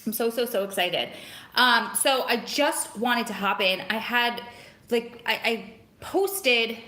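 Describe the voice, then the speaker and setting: A chatty woman talks into her phone on a live stream and rambles from one thing to the next. Her voice is bright and forward. The room around her is echoey. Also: on the high side, slow. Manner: greets viewers by name, chatty and rambling. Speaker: vlogger hosting a live stream. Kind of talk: casual live-stream chat. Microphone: phone camera.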